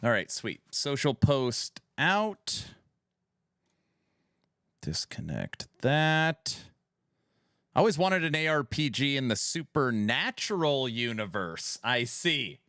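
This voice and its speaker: A man's voice: on the high side, creaky, fairly bright tone, no room sound, studio quality. A man streaming from home, bantering with his chat and reading out community questions in a casual, sometimes raised voice. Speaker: streamer hosting a gaming podcast. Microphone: headset mic.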